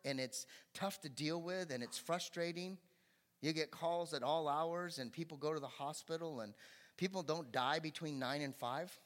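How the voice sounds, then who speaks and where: A middle-aged pastor preaching a sermon in a conversational way, building to emphatic bursts. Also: male voice, fairly high pitch, fairly bright tone.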